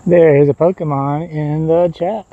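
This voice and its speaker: On a rural walk, a man livestreams and chats loosely with his viewers, wandering from topic to topic in an easygoing way. His voice sits on the high side, his pace is measured, and the audio sounds narrow and tinny.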